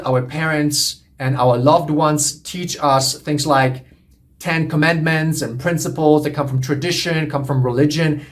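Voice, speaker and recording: A man coaching on relationships, lecturing in an earnest, repetitive, emphatic way. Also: on the high side. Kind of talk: monologue lecture to camera.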